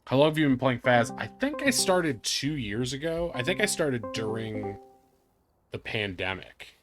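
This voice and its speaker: A man's voice: medium pitch, big pitch swings, unhurried, over music. A man hosting a live game stream, chatting and joking with friends and viewers. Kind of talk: casual live-stream chat.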